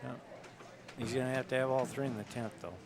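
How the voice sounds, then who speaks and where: A man giving live bowling commentary, agreeable and quick to chime in. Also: medium pitch, fairly even intonation. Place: bowling center. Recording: noisy background.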